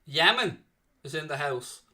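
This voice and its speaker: A man's voice: a little high, a little slow. A young man hosting a live fan watchalong, calling the play and chatting with viewers in between. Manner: chatty, excitable play-by-play, reads chat messages aloud. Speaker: watchalong commentary host. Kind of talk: live fan commentary and chat reading.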